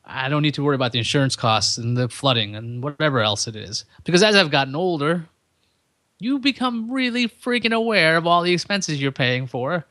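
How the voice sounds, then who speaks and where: A man's voice: fairly high pitch, big pitch swings, fairly quick, sharp tone, dry recording, studio quality. A man hosting his own podcast, talking in a rambling, self-deprecating stream of consciousness. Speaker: podcast host. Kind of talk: solo podcast monologue.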